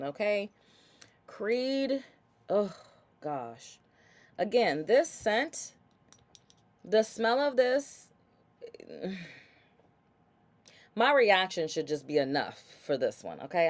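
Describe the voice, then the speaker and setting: A woman's voice: on the low side, darkish tone. A woman hosting a casual livestream, chatty and playful as she shows body care products and talks straight to viewers.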